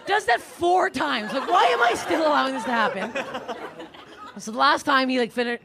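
A woman's voice: sits high, animated, normal speed. Brash profane woman doing stand-up. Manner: brash, profane, laughing through punchlines. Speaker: stand-up comedian. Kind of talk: stand-up storytelling. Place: comedy club stage. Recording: loud crowd laughter and noise in a club.

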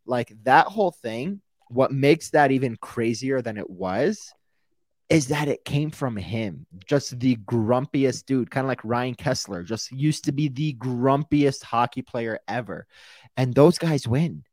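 A man with an American accent co-hosting a sports podcast in casual chat, rambling and animated, swearing freely. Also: mid-range voice, unhurried, no room sound, clean studio sound. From United States.

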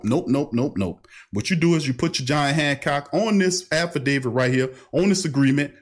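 Animated New man hosting a stream. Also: a little high. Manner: animated, preachy, street-talk slang. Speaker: livestream talk host. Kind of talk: casual call-in talk stream.

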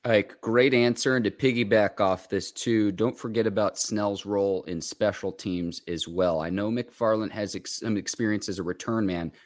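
A man's voice: fairly low pitch, steady tone, moderate pace, hardly any pauses. A man hosting a sports talk show, reading viewer questions and passing the floor in casual chat. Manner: reads viewer questions, moderates. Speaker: show host.

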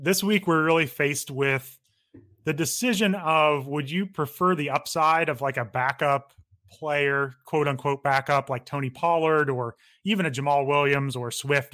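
Male podcast co-host, bright slightly high voice, dry close mic, quick casual analysis. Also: steady tone, no room sound. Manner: quick, conversational analysis with frequent restarts. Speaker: fantasy football podcast co-host.

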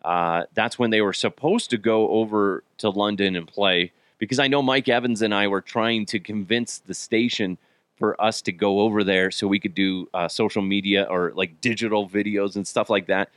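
A man's voice: lowish voice, steady tone, normal speed, fairly bright tone, clean tone, no room sound. A man hosting a casual solo podcast, rambling and joking at his own expense, swearing freely and laughing often while he's a bit sick. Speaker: podcast host.

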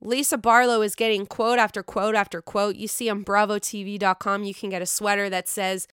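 A woman with a Pittsburgh accent hosting a podcast in excitable, profane casual chat, her voice lowered from being sick. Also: fairly quick, smooth, dry recording, clean studio sound. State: sick, voice lower than usual. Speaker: podcast host.

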